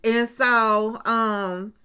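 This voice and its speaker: Her voice is a little high, steady, sharp, clear, and resonant, and she speaks very slowly. She's hosting a laid-back reality TV recap, acting out the cast's lines and often stopping for chatty asides to her audience.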